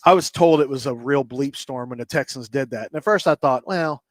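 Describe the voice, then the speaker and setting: A man's voice: mid-range voice, brisk, dry recording, clean studio sound. A man co-hosting a sports radio show, talking casually and thinking aloud in restarts. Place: radio studio.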